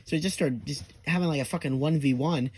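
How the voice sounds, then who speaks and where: A man's voice: fairly high pitch, quick pace, darkish tone, husky. A young man telling an absurd comedic story, rambling, with lots of fillers and swearing. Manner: absurd tall tale told half-seriously.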